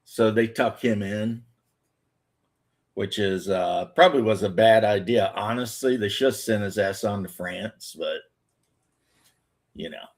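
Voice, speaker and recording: Rambling low-voiced man in casual chat. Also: unhurried, long pauses. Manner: rambling, hesitant, with many fillers.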